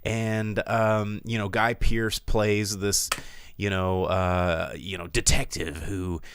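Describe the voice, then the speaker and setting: A man's voice: on the low side, flat delivery, takes it slowly, a bit bright, smooth, dry recording. A man hosting a podcast, reviewing a film in casual chat, rambling and sarcastic with lots of fillers and restarts.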